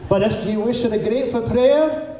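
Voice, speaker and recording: A man's voice: extremely high pitch, moderate pace, warm tone, lo-fi sound, slight background noise. A man with a Scottish accent addressing a dinner crowd, then reciting a poem in a rolling, declamatory way. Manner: rolling, declamatory delivery with audience cues. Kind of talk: theatrical poetry recitation and audience address. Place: banquet hall at a dinner event. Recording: roomy hall echo, faint ambience.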